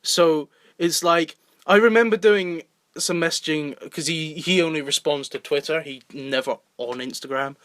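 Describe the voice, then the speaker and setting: A man's voice: fairly high pitch, normal speed, hardly any pauses, a bit bright, dry recording. A young man co-hosting a casual podcast, rambling with frequent laughter and repeated words. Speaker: podcast co-host and indie filmmaker.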